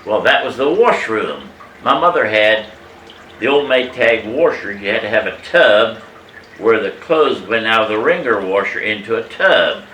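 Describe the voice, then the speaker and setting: A man in his eighties recounts a family story from his childhood, casual and animated, emphatic and salty, chuckling along the way. His voice sits fairly low and moves at a moderate pace. The room is echoey, the mic is at a distance, and there's slight background noise.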